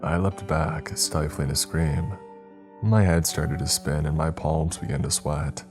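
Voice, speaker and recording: Very deep-voiced man narrating horror. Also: steady tone, unhurried. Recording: soft music bed.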